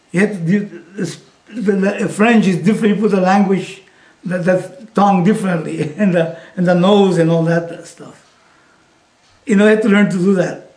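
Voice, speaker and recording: A man's voice: sits high, darkish tone. A man teaching in a casual, rambling way, chuckling often and saying "you know" a lot. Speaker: spiritual teacher. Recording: roomy echo.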